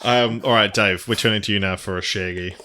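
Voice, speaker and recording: A man hosting a podcast game in casual chat, dry and deadpan. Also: lowish voice, a little fast. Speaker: podcast host keeping score.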